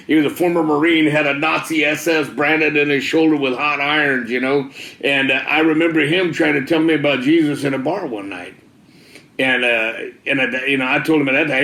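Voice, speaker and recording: A man's voice: on the high side, fairly quick, vocal fry, sharp tone, roomy sound. A man, a former biker, telling his personal testimony in a casual, slangy way.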